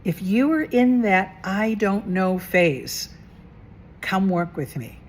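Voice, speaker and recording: A woman's voice: mid-range voice, expressive, slow. Chatty woman coaching viewers to camera. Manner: chatty, asks the viewer rhetorical questions, repeats phrases for emphasis. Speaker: mentor and coach. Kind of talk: casual spiritual self-help vlog.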